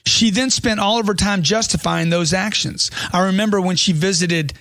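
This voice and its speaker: A man's voice: sits high, normal speed, sharp tone, dry recording. A man reading a money self-help book aloud as scripted audiobook narration, in an emphatic motivational way that leans on rhetorical questions.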